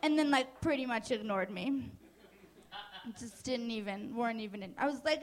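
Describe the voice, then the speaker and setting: A woman's voice: a little high, normal speed. A young woman from New Jersey doing a stand-up comedy set on a club stage, casual and crude, with hesitant fillers and self-mocking asides.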